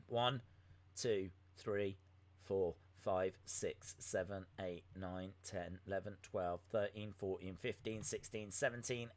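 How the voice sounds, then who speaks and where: A man hosting a wrestling podcast live stream, chatting casually and mocking himself, with lots of ums and uhs. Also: medium pitch. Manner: chatty and self-mocking, with many filler words.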